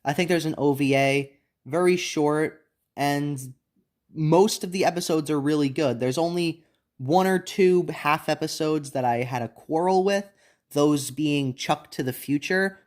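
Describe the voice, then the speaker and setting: A man's voice: fairly high pitch, a little mellow. Rambling young man reviewing an anime. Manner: rambling, many restarts and fillers. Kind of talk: casual unscripted review.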